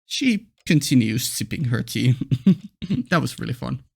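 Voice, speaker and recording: A man hosting a let's play, reading a visual novel aloud and chiming in with relaxed, amused commentary. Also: mid-range voice, a little slow, vocal fry, slightly rough. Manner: relaxed and amused, laughing often, saying sure a lot.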